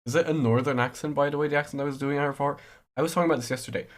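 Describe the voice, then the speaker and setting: A man's voice: a little high, steady tone, very fast. A man chatting casually on a podcast, playful and rambling, teasing his co-host. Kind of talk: casual chat.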